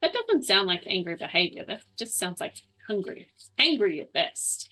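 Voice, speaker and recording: A woman playing in a tabletop game who adds dry, quiet quips. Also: mid-range voice, very animated, moderate pace, low-quality recording. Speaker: player.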